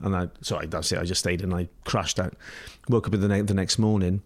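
Scottish man, middle-aged, low voice, rambling and laughing, interview guest. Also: fairly even intonation, brisk, hardly any pauses. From Scotland. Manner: rambling, laughs often, many restarts and fillers. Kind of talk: casual storytelling.

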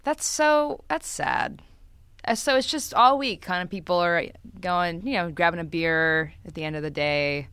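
Woman, podcast co-host, giggly, chatty, clear and smooth voice, bright. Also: on the low side, measured pace, dry recording, studio quality. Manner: giggly, chatty, lots of fillers. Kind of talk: casual chat.

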